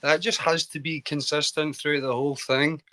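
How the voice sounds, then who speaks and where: A man's voice: a little high, little pitch movement, moderate pace, sharp tone. A Scottish man calling in to a live football stream, chatty and self-deprecating, stumbling over his words. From Scotland. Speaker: caller. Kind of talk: casual football chat. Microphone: video call.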